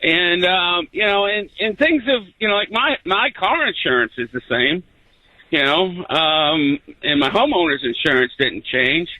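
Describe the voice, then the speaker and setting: A man's voice: sits high, animated, measured pace, pushed and bright, no room sound, dull audio. A man, a truck driver calling in, easygoing and rambling with many fillers. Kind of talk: call-in conversation.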